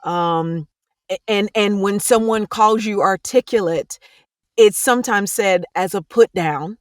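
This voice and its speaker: A woman's voice: mid-range voice, a little slow, no echo, studio quality. A woman audiobook narrator speaking as a podcast guest, earnest and passionate, with careful diction. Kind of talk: candid podcast conversation.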